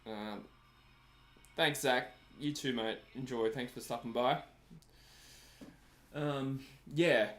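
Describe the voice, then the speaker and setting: This Australian livestream host speaks in a mid-range voice, taking his time with long pauses. He chats casually while a match plays, laughing often and answering what viewers write.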